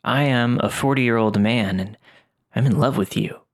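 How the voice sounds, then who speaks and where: A man putting on a slow, creepy stalker. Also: medium pitch, natural voice. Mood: menacing. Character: creepy adult male stalker, obsessive and menacing.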